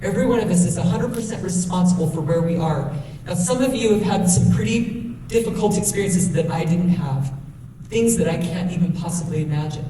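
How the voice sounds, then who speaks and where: A woman's voice: on the low side, dark tone. Earnest woman speaker in an echoey hall. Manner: earnest, emotional storytelling. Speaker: guest speaker. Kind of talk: motivational talk to youth. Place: school hall. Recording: echoey hall from far off, noisy.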